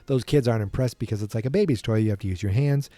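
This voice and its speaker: Rambling man with a mellow voice. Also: medium pitch, racing, no echo. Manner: rambling, self-correcting, playful. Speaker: podcast host. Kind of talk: casual retelling from memory.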